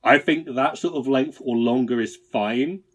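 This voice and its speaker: A man's voice: mid-range voice, measured pace. A man hosting a casual podcast, asking a friend follow-up questions in easygoing banter. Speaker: podcast host. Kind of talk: casual chat.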